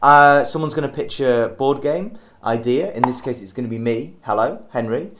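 A man co-hosting a casual podcast, pitching a game idea in a rambling, jokey way and tripping over his words. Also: normal speed, noisy background. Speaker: podcast co-host.

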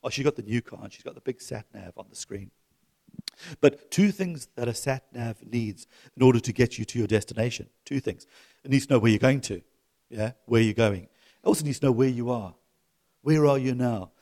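A middle-aged man preaching a sermon to his church, swinging from loud exhortation to soft, chuckling asides. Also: medium pitch, fairly quick. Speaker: pastor.

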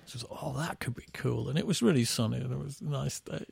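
Man, middle-aged, from England, gravelly voice, dry room, rambling anecdotes. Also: medium pitch, fast talker, darkish tone, dry recording. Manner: rambling storyteller with restarts, laughing at his own stories. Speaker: band musician guest. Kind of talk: casual anecdotal chat.

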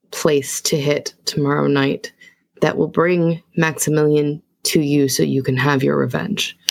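A woman's voice: deep voice, gravelly. A woman player speaking formally in character during a tabletop role-play. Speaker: player voicing a vampire.

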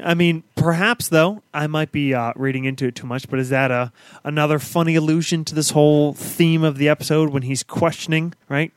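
Higher-voiced man with wry dry humor. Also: steady tone, a little fast, clean tone, dry recording. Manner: wry, dryly joking analysis. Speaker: podcast co-host. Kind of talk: casual chat reviewing a TV episode.

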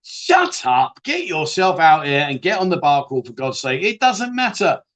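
A man's voice: on the high side, big pitch swings, normal speed, fairly bright tone. Blunt, chatty man hosting a live stream. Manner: blunt, chatty, swears freely, many restarts. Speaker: live-stream chat show host. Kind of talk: casual live-stream chat reading viewer comments.

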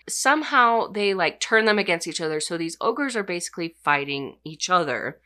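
A woman's voice: medium pitch, moderate pace, hardly any pauses, pushed and bright. A woman casually recapping a story's plot in a chatty way, with lots of "like" fillers. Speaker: book recapper.

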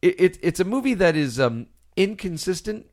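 A man's voice: high-pitched, very animated, normal speed, a little mellow, no room sound, studio quality. A man co-hosting a podcast, chatting casually about a bad movie and laughing often. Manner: laughs often, jokey asides. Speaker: podcast co-host. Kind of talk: casual movie-review chat.

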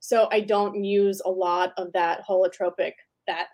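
A woman's voice: medium pitch, steady tone, unhurried, a little mellow. Candid middle-aged woman guest. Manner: candid, chatty, swears casually. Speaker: breath work practitioner, guest. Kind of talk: casual interview talk.

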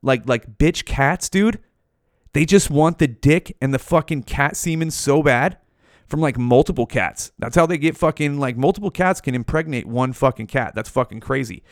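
A man's voice: mid-range voice, normal speed, no room sound, studio quality. A man hosting a podcast, musing aloud in a profane, rambling, casual monologue. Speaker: podcast host.

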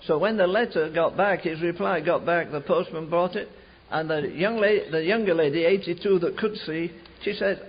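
Fervent older male preacher, husky and high. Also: normal speed. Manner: fervent, builds to shouting climaxes. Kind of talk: storytelling sermon. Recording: dull lo-fi archive recording.

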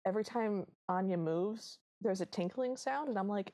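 A woman co-hosting a podcast, chatting about a film with wry, animated asides. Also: medium pitch, moderate pace. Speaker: podcast co-host. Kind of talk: casual recap chat.

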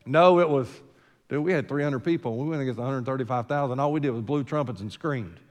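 A man's voice: medium pitch, quick pace, big-room sound. A man preaching a sermon as senior pastor, in a conversational, folksy way full of rhetorical questions, recorded in a church sanctuary.

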